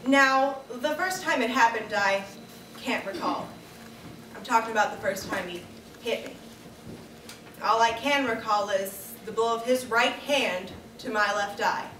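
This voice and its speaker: A woman performing a first-person dramatic monologue in a measured, reflective manner, like reading from a diary. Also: a little high, bright, forceful tone, slight background noise. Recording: echoey room, distant camera mic.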